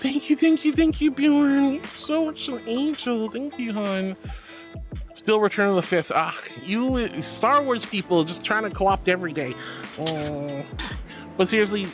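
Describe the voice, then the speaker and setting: A man's voice: sits high, measured pace, music in the background. A man streaming live, chatting casually and reading out chat messages, gushing and affectionate toward viewers. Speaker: VTuber streamer. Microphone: computer mic for a VR stream.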